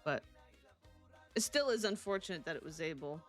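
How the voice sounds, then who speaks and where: A woman with a somewhat low voice chats casually through a live game stream. She laughs often and talks straight back to her viewers' messages. Soft music plays quietly behind her. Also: expressive, a little fast, pauses often. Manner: chatty, laughs often, answers chat messages. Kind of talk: casual live-stream chat while playing.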